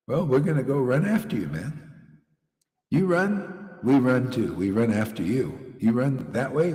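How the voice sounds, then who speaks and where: A man's voice: medium pitch, darkish tone. A man giving an informal devotional talk as a teacher, emphatic and full of rhetorical questions and repeated phrases. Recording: echoey room with long reverb.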